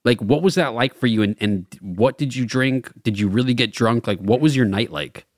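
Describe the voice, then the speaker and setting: Mid-pitched man, rambling co-host. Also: moderate pace, no room sound, clean studio sound. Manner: rambling, questioning, defensive. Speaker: podcast co-host. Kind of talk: casual podcast banter.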